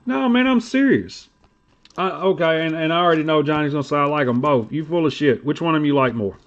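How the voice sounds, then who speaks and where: A middle-aged man, hosting a casual livestream chat and telling stories in a blunt, profane, animated way. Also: fairly high pitch, fast. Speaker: livestream host. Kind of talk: casual card-collecting talk. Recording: dull lo-fi stream audio.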